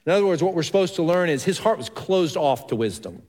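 A man's voice: fairly high pitch, lively intonation, fast, darkish tone. A male pastor preaching a sermon, reading scripture aloud and asking the congregation questions. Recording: reverberant hall.

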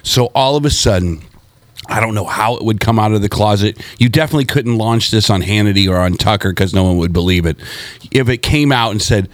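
Animated male talk show host. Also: lowish voice, brisk, no echo. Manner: animated, interrupting, restarts often. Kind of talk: casual panel talk.

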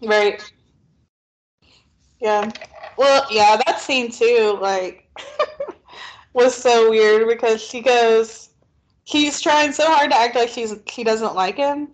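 A woman's voice: a little high, slow, pauses often, poor audio. A woman co-hosting a podcast, chatting casually with hesitant restarts and agreeable replies. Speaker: podcast co-host. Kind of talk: casual chat.

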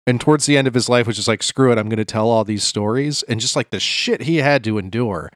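A man's voice: mid-range voice, fast talker, no echo, clean studio sound. A man co-hosting a podcast, chatting casually and agreeably, saying "dude" and "like" a lot. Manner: relaxed, agreeable, says "dude" and "like". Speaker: podcast co-host. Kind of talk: casual chat.

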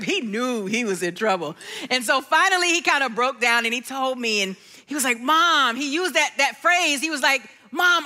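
A middle-aged woman delivers a sermon through a family story, acting out each voice as she goes. Her voice sits high and bright, and it swoops freely from line to line. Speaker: preacher.

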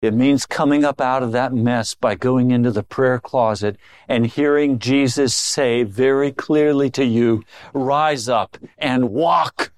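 A middle-aged male pastor preaching a sermon, swinging between low intimate tones and raised emphatic lines. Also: steady tone, unhurried, hardly any pauses, a little mellow, clean tone, no room sound, studio quality.

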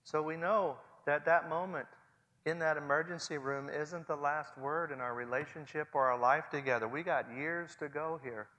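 A man in his forties preaching a sermon earnestly, swinging between hushed and loud passages. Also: on the high side, moderate pace, lo-fi sound. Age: 40s. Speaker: pastor. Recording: long hall reverb.

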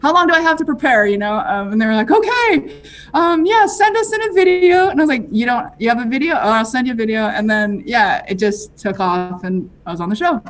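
A woman's voice: on the high side, fast talker, few pauses, fairly bright tone. A woman guest in casual chat, upbeat and playful.

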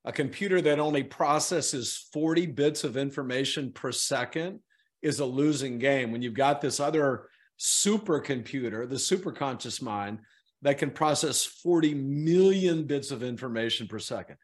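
A middle-aged man, a guest in an interview, telling an animated story and acting out the people in it. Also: medium pitch, normal speed.

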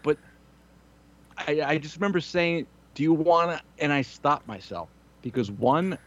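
A man's voice: on the high side, lively intonation, unhurried, fairly bright tone. A man in his thirties telling crude, rambling, self-mocking stories in casual chat. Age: 30s.

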